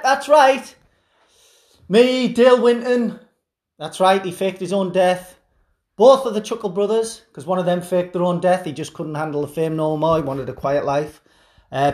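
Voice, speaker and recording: A man's voice: high-pitched, normal speed, a little mellow, lightly acted. Gleeful gloating TV presenter, put on by a man. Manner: gloating, theatrical. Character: smarmy male TV presenter turned kidnapper, gleeful. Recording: roomy echoing room.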